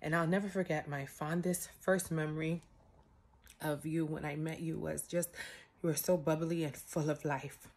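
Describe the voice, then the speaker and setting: A woman's voice: deep voice, fairly even intonation, moderate pace, darkish tone. A woman recording a heartfelt graduation message for her niece, tearful and crying as she talks, earnest and rambling. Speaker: aunt giving a graduation message. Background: music.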